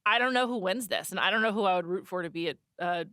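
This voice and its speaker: A young adult woman co-hosting a casual podcast, giving lively opinions in a chatty way. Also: lowish voice, fast talker, no echo, studio quality. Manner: lively, opinionated, frequent "like" and restarts. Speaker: podcast co-host. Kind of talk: casual chat.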